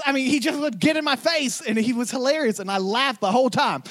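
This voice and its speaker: A man's voice: extremely high pitch, fast talker, few pauses. A man preaching a sermon as a pastor, retelling stories with building intensity.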